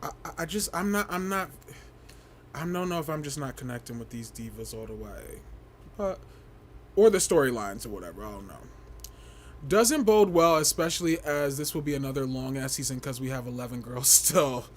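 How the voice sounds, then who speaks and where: A young man hosting a casual livestream, gossiping and reading chat in an animated way, often laughing and breaking into shrieks. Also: mid-range voice, moderate pace. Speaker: livestream host.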